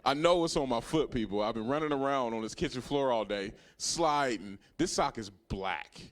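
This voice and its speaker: A man in his thirties doing a stand-up comedy set, telling a profane story that swings from hushed asides to loud punchlines. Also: medium pitch, animated, normal speed. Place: comedy club stage.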